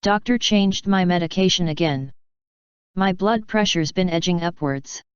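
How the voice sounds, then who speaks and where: A woman reading the lines of a kindly, proud older man who gently waves off worry. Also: fairly low pitch, moderate pace, clear, resonant tone, dry recording, lo-fi sound, lightly acted. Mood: gentle. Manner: gentle, brushes off concern.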